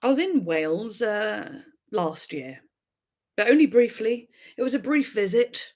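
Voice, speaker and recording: A young English woman hosting a relaxed livestream, talking in a bubbly, meandering way. She giggles often and peppers her sentences with "like", and her English accent carries hints of her Devon roots. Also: medium pitch, measured pace. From Devon, England. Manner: bubbly, rambling, many "like"s, giggly. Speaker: livestream host. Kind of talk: casual livestream chat.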